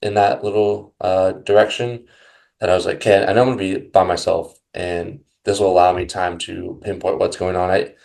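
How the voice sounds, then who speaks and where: Halting, gravelly-voiced young man. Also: deep voice, flat delivery, darkish tone. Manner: halting, full of restarts and hedges like kinda and you know. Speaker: podcast guest. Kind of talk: reflective casual chat.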